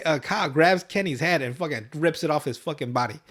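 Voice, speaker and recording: A man's voice: fairly high pitch, fast talker, hardly any pauses, a bit bright. A young man hosting a podcast, casually retelling a cartoon episode with lots of swearing and laughter, jumping into raised voices for the characters' lines. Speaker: podcast host. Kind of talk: casual podcast recap, profane.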